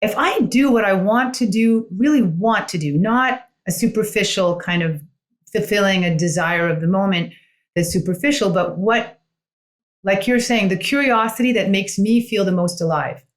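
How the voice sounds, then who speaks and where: A woman's voice: medium pitch, moderate pace. A woman guest on a podcast, a coach, telling her story in an earnest, reflective way with frequent "you know" asides. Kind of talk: conversational storytelling.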